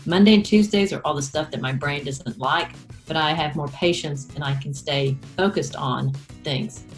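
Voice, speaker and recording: A woman speaking as the guest in a casual interview, an animated storyteller who breaks into high, excited exclamations. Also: moderate pace, faint music behind.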